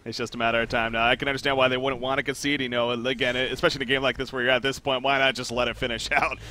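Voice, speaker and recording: A young man casting a live esports match, calling play-by-play in quick, easy, chatty commentary. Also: mid-range voice. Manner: quick play-by-play that builds to excited calls during fights.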